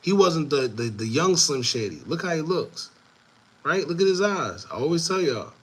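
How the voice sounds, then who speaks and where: A man hosting an online commentary show, talking casually to viewers in a repetitive, animated way with laughing asides. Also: fairly high pitch, normal speed, slightly rough. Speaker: show host.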